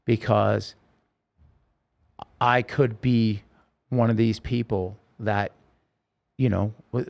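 Creaky-voiced man recounting, halting and earnest. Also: fairly low pitch, a little mellow. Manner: halting, with many restarts and self-corrections. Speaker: interview guest. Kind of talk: emotional personal storytelling.

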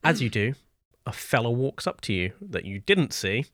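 A man running a tabletop game, describing the scene in a relaxed, casual way with many fillers. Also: medium pitch, moderate pace, no echo, clean studio sound. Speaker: game master.

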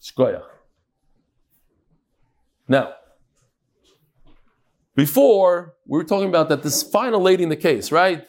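Animated man teaching Talmud. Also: on the high side, takes it slowly, long pauses. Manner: animated, acts out quotes, swings between loud and soft. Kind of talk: classroom Gemara lesson.

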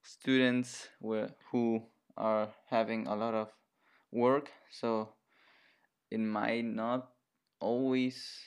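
A young man co-hosting a casual podcast, hesitant and halting as he talks. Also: mid-range voice, little pitch movement, smooth. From Germany and Chile. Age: young adult. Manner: halting, hesitant, restarts a lot. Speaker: podcast co-host.

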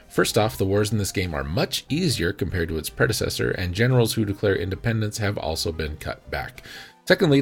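A man's voice: fairly low pitch, gravelly. A man hosting a podcast, reading game reviews aloud for comic effect and pronouncing every comma, period and capital letter in mockery. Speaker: podcast host. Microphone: video recording.

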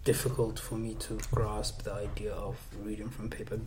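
A man poet on a panel, telling stories in an animated, expressive way. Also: lowish voice, normal speed, echoey room, slight background noise. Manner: animated storyteller, expressive, laughs easily. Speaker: spoken word poet on a panel. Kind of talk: panel discussion.

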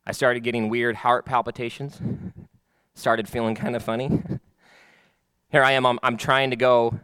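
A man's voice: medium pitch, little pitch movement, normal speed, a bit bright, smooth, no echo. A man pastor giving a sermon in a church, moving from chatty, self-mocking stories to fervent preaching. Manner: conversational, self-mocking storytelling.

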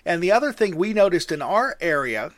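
A man's voice: sits high, big pitch swings, brisk, no room sound. A man in his fifties hosting an interview, asking friendly, admiring questions. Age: 50s. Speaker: interview host. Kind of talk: casual interview.

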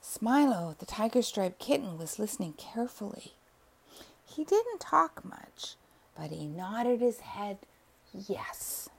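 A woman narrating a bedtime story softly and slowly, often sinking into whispers. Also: medium pitch, big pitch swings, vocal fry. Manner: soft and slow, dropping to whispers.

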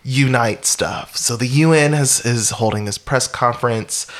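A man's voice: medium pitch, unhurried. A man casually recapping a film's plot as a podcast co-host, rambling and wry, with frequent chuckles and fillers. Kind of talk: casual chat recapping a film.

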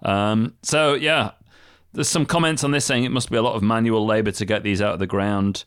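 A man's voice: lowish voice, fairly even intonation, fairly quick, a bit bright, clear, resonant tone, no echo, clean studio sound. A British man co-hosting a casual chat, dryly teasing as he reads out news items. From Britain. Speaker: co-host.

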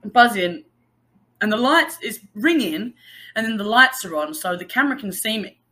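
A woman telling a story in casual chat, animated and laughing often. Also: mid-range voice, moderate pace. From England.

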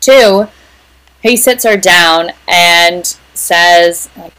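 A woman's voice: fairly low pitch, very slow, fairly bright tone, smooth, low-quality recording. A woman co-hosting a podcast, casually recapping the plot of an episode scene by scene. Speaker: podcast co-host. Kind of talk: casual chat.

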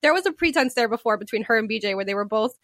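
Lady cohost rattling off a wild story, highish voice, dry sound, lots of laughing and swearing. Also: racing, no echo. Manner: animated storyteller, swears freely, laughs often. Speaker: podcast co-host. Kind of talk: casual chat.

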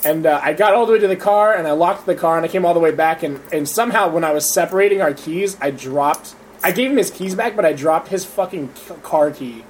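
Young man, high voice, profane laughing storyteller, casual chat, light background hiss. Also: fairly quick. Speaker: storyteller among friends.

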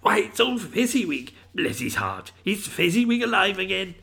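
A man voicing an old miserly man who speaks in a low, hushed, gruff voice. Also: animated, normal speed, heavily acted. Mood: excited.

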